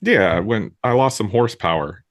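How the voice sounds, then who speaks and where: Lively low-voiced man bantering. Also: normal speed, no room sound, studio quality. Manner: joking, self-mocking, then earnest. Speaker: podcast co-host, woodworker. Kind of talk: casual banter among friends.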